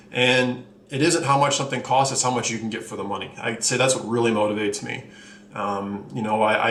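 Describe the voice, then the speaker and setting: Talking to camera in a casual vlog, the host of a watch-review channel speaks candidly and bluntly, rambling with many fillers and getting slightly out of breath. He has a mid-range, fairly bright voice. Slight background noise and faint ambience fill the echoey room.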